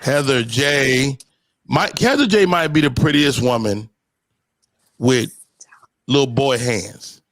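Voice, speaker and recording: A man's voice: mid-range voice, lively intonation, takes it slowly, long pauses, background noise. A man hosting a comedy podcast, joking and teasing his guests in casual banter. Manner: joking, teasing, drops into sing-song lines. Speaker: podcast host.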